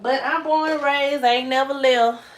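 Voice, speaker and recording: A woman's voice: sits high, normal speed. A woman with a Southern Georgia accent, chatting casually with live viewers as a vlogger and mother at home. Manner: chatty, relaxed, drawling Southern speech. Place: kitchen at home. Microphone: phone on a tripod. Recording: echoey kitchen, faint noise.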